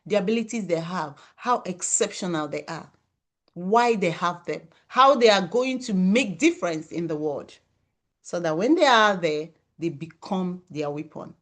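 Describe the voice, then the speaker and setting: A woman's voice: fairly low pitch, lively intonation, a little slow. A woman giving an emphatic motivational talk to parents, repeating key phrases for stress. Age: adult parent of children. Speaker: parenting speaker.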